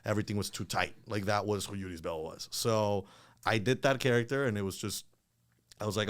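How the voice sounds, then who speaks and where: Guy rambling through a story on a podcast, lowish voice, super dry. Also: fairly quick, no echo. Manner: rambling, lots of filler words. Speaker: podcast guest, comedian. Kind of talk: casual storytelling.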